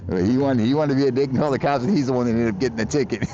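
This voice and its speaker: A man's voice: mid-range voice, quick pace, warm tone, highs cut off, a little hiss or hum. An American man livestreaming outdoors, chatting casually in a rambling, profane way and laughing often. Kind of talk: casual live-stream chat. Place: outdoors in traffic on a bike.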